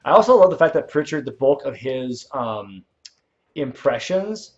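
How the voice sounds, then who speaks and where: Speaking at a measured pace, this young male streamer has a medium-pitched, expressive voice. He rambles easily through his gameplay, chuckling and fielding questions from viewers. Everything comes through a dull, lo-fi stream microphone.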